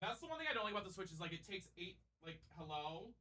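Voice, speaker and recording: Streaming live from a room at home, a man chats casually with viewers while gaming and launches into exasperated rants. His voice is high, sing-song, fast and bright, with a forceful edge.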